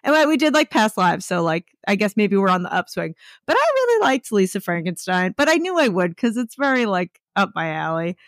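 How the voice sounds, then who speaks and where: A chatty woman co-hosting a podcast, her talk full of "like" fillers. She sits close to the mic in a dry room, her voice at a middling pitch. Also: very animated, brisk, few pauses, dry recording. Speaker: podcast co-host. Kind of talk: casual chat.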